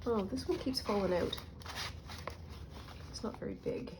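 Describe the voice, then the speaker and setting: A woman's voice: mid-range voice, lively intonation, a little slow, noisy background. A middle-aged woman telling rambling stories and muttering to herself as she works on a junk journal in a casual crafting vlog. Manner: rambling storyteller, muttering to herself while working.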